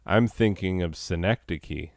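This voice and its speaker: A man's voice: low-pitched, unhurried, vocal fry, darkish tone, no echo, studio quality. A man hosting a comedy show, rambling through improvised, self-mocking banter full of fillers.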